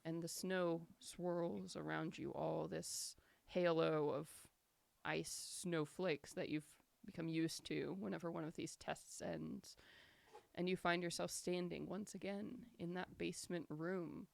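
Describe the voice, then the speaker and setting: A woman runs a tabletop role-playing game, narrating scenes in a relaxed, descriptive way and pausing on fillers. Her voice sits fairly low with a gravelly edge. The recording is close and dry. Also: dry recording. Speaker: game master.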